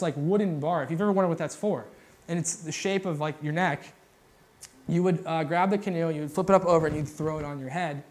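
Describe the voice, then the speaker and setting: A young adult man giving a sermon in a relaxed, conversational way, full of fillers and restarts. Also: a little high. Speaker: pastor.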